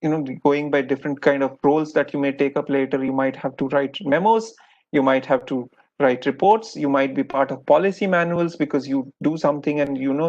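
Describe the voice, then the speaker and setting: A man with an Indian English accent gives a recorded lecture to postgraduate doctors, explaining things patiently and repeating "many a times." His voice is medium-pitched and a little mellow, captured in dull lo-fi audio.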